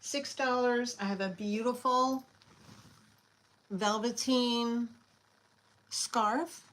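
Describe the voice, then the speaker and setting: A woman hosting a live online sale, chatty and scattered, often pausing with fillers as she shows each item. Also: fairly high pitch, steady tone, a bit bright, low-quality recording. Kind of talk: casual live selling chat.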